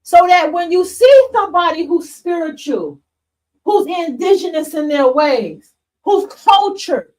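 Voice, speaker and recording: High-voiced, impassioned woman livestream host. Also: animated, measured pace, distant mic, low-quality recording. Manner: impassioned, blunt, swears, addresses viewers as y'all. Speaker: podcast host. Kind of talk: livestream monologue to chat.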